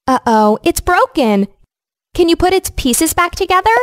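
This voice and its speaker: A young woman giving slow, scripted, encouraging narration to young children in a game, like a preschool teacher, recorded close to the mic. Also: very high voice, animated, slight background noise.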